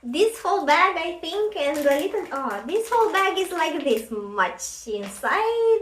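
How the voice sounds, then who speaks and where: High-voiced woman chatting from across her kitchen. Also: big pitch swings, measured pace, hardly any pauses, a bit bright. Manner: chatty, self-deprecating, thinks aloud while cooking. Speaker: cooking vlogger. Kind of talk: casual cooking chat. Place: home kitchen. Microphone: camera at a distance, face out of frame. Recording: roomy kitchen, mic far off, faint noise.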